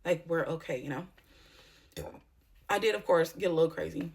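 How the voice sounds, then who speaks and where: A woman recounts a story straight to camera in a casual vlog. Her voice sits a little low and has a gravelly, creaky edge. She talks bluntly, with plenty of swearing. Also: normal speed. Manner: blunt and profane, heated storytelling. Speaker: YouTuber.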